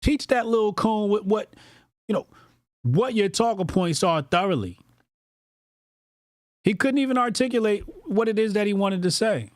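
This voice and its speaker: A man's voice: sits high, animated, normal speed, long pauses, no room sound, clean studio sound. A man hosting a political commentary livestream, talking bluntly and profanely and reading out viewer donations. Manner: blunt and profane, with lots of repetition.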